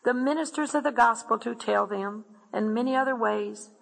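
Woman reading sorrowful male savior, solemn, grave, slightly high, long reverb. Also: moderate pace, vocal fry.

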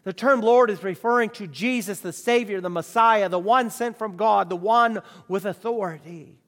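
A man's voice: high voice, normal speed, a bit bright. A man preaching a sermon with emphatic rhetorical questions. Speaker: pastor. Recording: long reverb of a large hall.

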